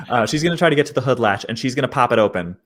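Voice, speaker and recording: A man's voice: mid-range voice, noisy background. A man playing a tabletop game, rambling as he describes his character's actions. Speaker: player.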